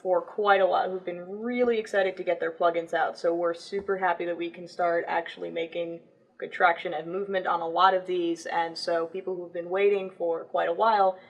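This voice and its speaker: A woman's voice: lowish voice, steady tone, brisk, poor audio. A woman who is a guest on a livestream, explaining marketplace work in brief, matter-of-fact answers. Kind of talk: casual livestream chat.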